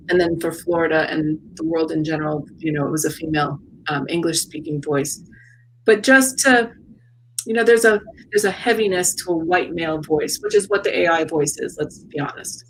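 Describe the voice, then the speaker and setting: A woman who is an artist and educator, talking as an interview guest in a reflective, searching way with many pauses and repeats. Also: low-pitched, slight background noise, rough recording. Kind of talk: casual interview talk. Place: South Florida.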